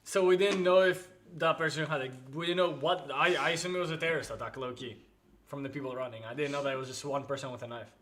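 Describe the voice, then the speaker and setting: A man chatting casually on a stream, telling animated stories and laughing often. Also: a little high, fast talker.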